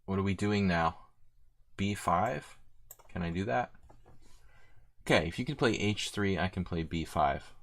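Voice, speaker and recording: A man's voice: sits low, a little slow, pauses often, a bit bright. A man streaming his own blitz chess games, thinking aloud in loose, rambling commentary full of "like". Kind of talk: live commentary while playing blitz chess.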